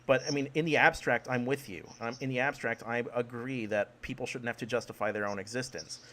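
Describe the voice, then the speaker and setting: A man hosting a debate in an even, mid-pitched voice. He stays calm and measured and chooses conciliatory words. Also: slight background noise. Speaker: debate host.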